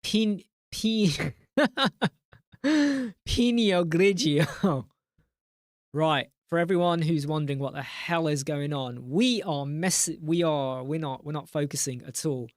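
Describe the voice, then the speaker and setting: A man's voice: a little high, normal speed, dry recording, clean studio sound. A man hosting a casual live chat, rambling and joking, reading out viewer names in a mock-exasperated way. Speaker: live stream host.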